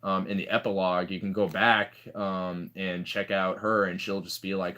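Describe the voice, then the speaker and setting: A man's voice: deep voice, little pitch movement, moderate pace, bright, forceful tone. A young man in casual chat, rambling through stories with lots of fillers and restarts. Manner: rambling, filler-heavy storytelling.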